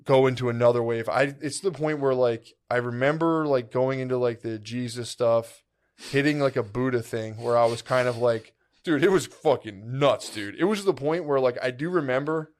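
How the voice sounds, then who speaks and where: Male podcast co-host, mid-pitch, loose rambling storyteller, acts out his own thoughts, lots of "like" and "dude". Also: normal speed. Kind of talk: casual storytelling chat.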